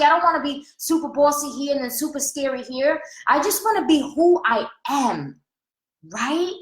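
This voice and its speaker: Woman coach, high-pitched, lively and frank, acts out inner doubts; roomy echo on the recording. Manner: animated, acts out her own inner voice in quotes; frank and casual, with occasional swearing. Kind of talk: motivational monologue to followers.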